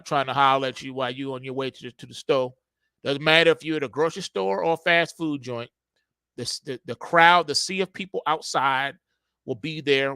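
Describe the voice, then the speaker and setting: A man's voice: mid-range voice, sharp tone, smooth, no echo. Emphatic man giving market commentary. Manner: emphatic, repetitive. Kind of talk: casual commentary monologue.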